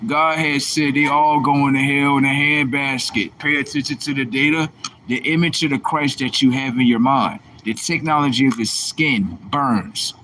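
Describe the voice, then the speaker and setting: A man's voice: medium pitch, steady tone, moderate pace, bright, forceful tone, slight background noise. A man hosting a livestream, delivering a combative, preachy monologue full of rhetorical questions. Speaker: livestream host.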